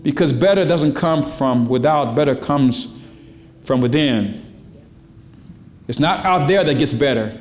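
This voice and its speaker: A man's voice: medium pitch, expressive, measured pace, long pauses, reverberant, soft background music. A pastor preaching to his congregation in a church, in a conversational style with questions to the crowd and quoted voices. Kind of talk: sermon. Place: church sanctuary.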